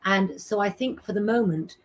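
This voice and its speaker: At a moderate pace and medium pitch, a middle-aged woman chats through her casual live stream. Her stream mixes reading viewers' names and messages with tarot advice.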